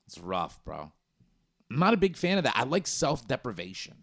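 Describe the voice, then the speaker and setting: A male host chats loosely and in slang about clips he has watched. His pitch swings widely. The sound is close and dry. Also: very animated, a little fast, gravelly, a bit bright, no echo. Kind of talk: casual chat reacting to clips.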